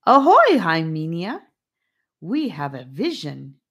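A woman's voice: fairly low pitch, very animated, unhurried, heavily acted. A woman voicing a cheerful, wise male guide who speaks with a grand, theatrical flair.

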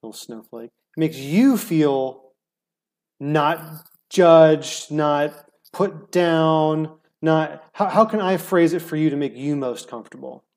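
A man's voice: fairly high pitch, slow pace, a little mellow. A man in casual argumentative banter on a call, defensive and sarcastic, full of stammered restarts. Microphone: remote call mic.

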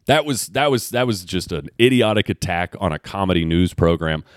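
A man's voice: low-pitched, a little fast, dry recording, clean studio sound. A man hosting his own podcast, talking alone in sarcastic, rambling rants with some swearing. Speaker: podcast host. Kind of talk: casual solo commentary.

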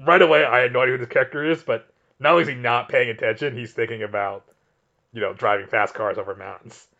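A man's voice: mid-range voice, fairly even intonation, fast, bright, forceful tone, muffled recording. A man co-hosting a comics podcast, chatting casually and enthusiastically, often restarting his sentences. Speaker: podcast co-host. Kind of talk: casual chat.

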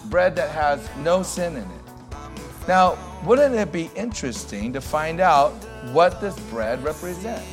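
A male pastor preaching a sermon in an emphatic way, repeating key words and slowing down to stress them. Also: fairly high pitch, lively intonation, music in the background.

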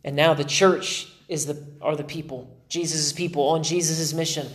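Guy preaching, pretty high voice, chatty, slips into voices for the people in his stories, room echoes a lot. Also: steady tone, normal speed, few pauses, a bit bright. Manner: conversational, acts out quoted voices. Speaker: pastor. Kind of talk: sermon.

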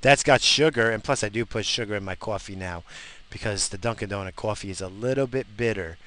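A man's voice: lowish voice, steady tone, fairly quick, fairly bright tone, no echo. A man in a car, talking while he drives, in a crude, profane, rambling monologue.

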